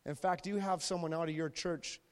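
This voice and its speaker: A man, a youth pastor, preaching a sermon and telling stories lively, acting out the people in them. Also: fairly high pitch, a little fast. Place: church sanctuary. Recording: long reverb of a large hall.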